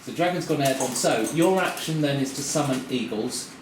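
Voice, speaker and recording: A man's voice: mid-range voice, lively intonation, moderate pace. A man acting as game master for a tabletop game, narrating the action and explaining rules with many fillers. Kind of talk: running a tabletop game live. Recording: echoey room, far from the mic, noisy.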